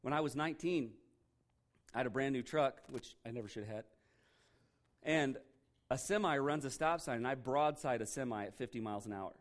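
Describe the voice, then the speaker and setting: A man's voice: medium pitch, brisk, pauses often. A middle-aged man preaching a sermon in a casual, conversational way, often asking the congregation rhetorical questions. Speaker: pastor.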